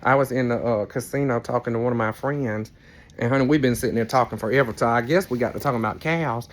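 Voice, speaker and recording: A man's voice: mid-range voice, fast talker. Chatty man vlogging. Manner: chatty, rambling storyteller with playful teasing asides. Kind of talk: casual chat to camera.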